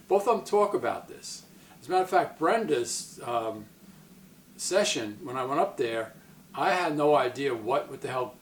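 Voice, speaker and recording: A man's voice: medium pitch, slight background noise. A man telling a personal story to camera in a casual, rambling way, often stopping and restarting, with a distant mic in an echoey room. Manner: rambling, self-interrupting, retells quotes in other voices. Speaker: psychic medium vlogger.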